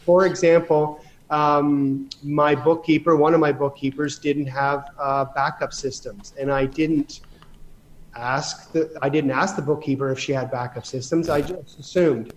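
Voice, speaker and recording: A man's voice: a little high, fairly even intonation, a little slow, slight background noise. A man telling rambling stories about running his business in a casual interview, with many restarts. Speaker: guest.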